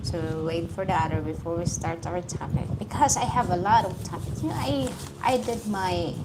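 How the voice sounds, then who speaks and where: A woman's voice: fairly low pitch, normal speed. A woman with a Filipino accent hosting a casual livestream chat, greeting viewers by name and laughing often. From Philippines. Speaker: livestream host. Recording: steady background noise.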